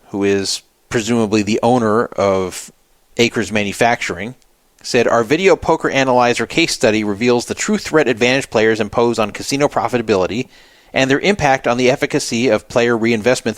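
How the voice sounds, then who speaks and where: A man's voice: mid-range voice, brisk, no echo. A man hosting a solo podcast, talking casually and skeptically and reading out viewer comments in a wry way. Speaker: podcast host.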